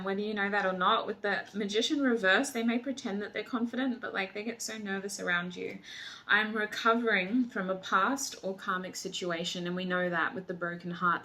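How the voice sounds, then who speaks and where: A woman's voice: medium pitch, sharp tone. Effusive woman reading tarot. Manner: effusive and emotional, often exclaiming and laughing. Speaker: tarot reader. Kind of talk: tarot reading, channeled messages.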